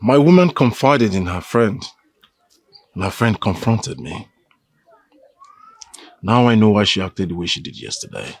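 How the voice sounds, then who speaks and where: A man's voice: on the low side, sing-song, a little slow, long pauses, heavily acted. A man playing an accusing Nigerian friend. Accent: Nigerian English. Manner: confrontational, accusing. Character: suspicious young man, confronting a friend. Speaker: suspicious friend. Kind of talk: Nollywood film acting. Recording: film audio with background music.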